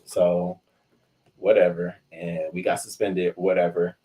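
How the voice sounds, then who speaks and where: A young adult man talks in a confessional storytelling style, and his voice sits a little low. He is animated and profane, and he breaks into the voices of the people he is quoting. The delivery moves loosely between swagger and exasperation. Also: moderate pace.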